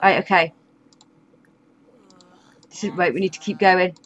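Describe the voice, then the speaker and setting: A woman's voice: on the low side, a little slow, lo-fi sound. A woman giving casual, chatty commentary over a life-sim game, often exasperated and laughing. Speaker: gaming YouTuber. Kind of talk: casual let's-play commentary.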